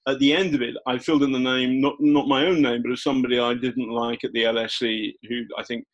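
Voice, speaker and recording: An older man, a guest journalist, telling stories in a casual interview, halting often with fillers and restarts. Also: mid-range voice, little pitch movement, highs cut off.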